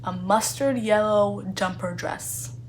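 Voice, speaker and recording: Animated, sarcastic young woman reviewing books. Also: mid-range voice, slow pace, slight background noise. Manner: animated, sarcastic, playfully indignant; chatty with many fillers. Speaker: book reviewer. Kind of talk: casual book review vlog.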